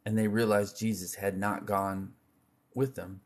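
A man reading scripture aloud in an unhurried, measured way, with occasional slips and restarts. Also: lowish voice, level tone. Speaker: scripture reader.

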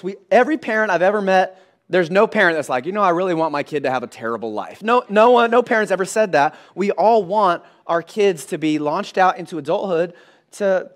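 Animated high-voiced male pastor. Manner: animated and comic, acting out scenes with his kids. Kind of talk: sermon. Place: church.

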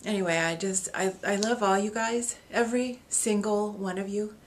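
An author reads a reader's letter aloud on video, her mid-range voice steady and her speed normal, with a faint hiss or hum behind it. Opening gifts from her readers, she gushes emotionally, laughing and choking up along the way.

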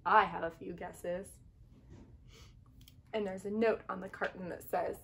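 A woman teacher reading a picture book aloud in an expressive, sing-song storytelling voice. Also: mid-range voice, a little slow, creaky, pauses often.

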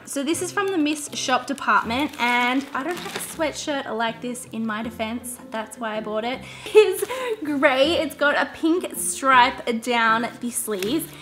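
A woman's voice: high voice, lively intonation, unhurried, a bit bright. A young woman chatting in a bubbly, giggly way through a casual shopping haul vlog. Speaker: vlogger.

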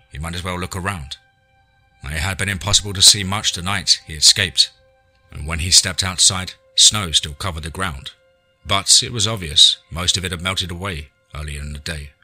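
A man narrating an audiobook story in a measured, scripted way. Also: deep voice, sharp tone, breathy edge.

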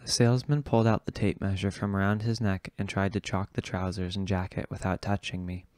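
Man, audiobook narration, deep voice, smooth, dry close sound. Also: level tone, fairly quick, a little mellow, no echo. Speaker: audiobook reader.

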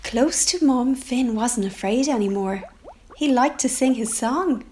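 A woman reading a children's picture book aloud for a library storytime, with expressive sound effects. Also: fairly high pitch, unhurried, slight background noise.

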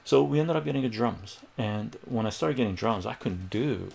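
A man's voice: on the low side, animated, normal speed, vocal fry, darkish tone, slightly rough. A man on a livestream, telling a rambling personal story and chatting casually with viewers. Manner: rambling, acts out quoted voices, chats with viewers. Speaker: livestream math tutor.

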